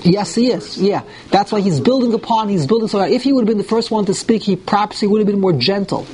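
A man's voice: high voice, quick pace, mellow, a little hiss or hum. A man teaching a verse-by-verse Torah class to live listeners. He reads Hebrew verses, translates and explains them, often restarts his phrases, and stresses the harsh words.

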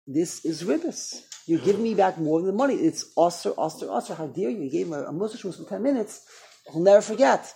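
A man teaching a Torah class, animated and lecturing, often repeating and restarting his phrases. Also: sits high, brisk, gravelly, a little hiss or hum.

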